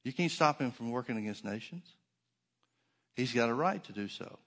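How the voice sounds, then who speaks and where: A man's voice: medium pitch, expressive, moderate pace, a bit bright. A man preaching a sermon as pastor, emphatic, with rhetorical questions and dry sarcastic asides.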